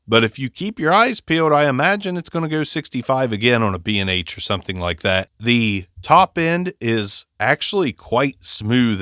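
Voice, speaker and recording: A man with a mid-range, slightly bright voice, clear and resonant with no echo, reviews a microphone casually. He's from Ohio, has an Appalachian accent, and sounds congested and a little nasal because of allergies. Speaking close on a condenser mic, he stays chatty, joking and self-deprecating.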